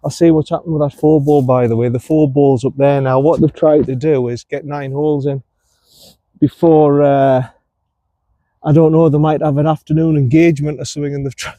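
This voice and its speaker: Male golf vlogger, high mellow voice, casual self-talk on the course. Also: fairly even intonation, fairly quick, no echo. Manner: talks to himself and the viewer between shots, self-coaching.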